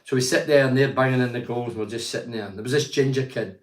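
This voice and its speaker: A man's voice: medium pitch, fast talker, echoey room. An older man from Teesside, hosting a casual chat show, reads out viewer comments and gives blunt, rambling opinions. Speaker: host reading viewer comments.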